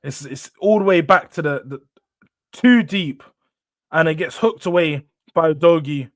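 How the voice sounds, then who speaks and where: Young man, high-pitched watchalong chatter. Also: measured pace, no echo, studio quality. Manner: excitable, swings between hype and low-key mumbling, slangy. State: tired, yawning. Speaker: host of a football watchalong. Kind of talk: casual live match commentary and chat.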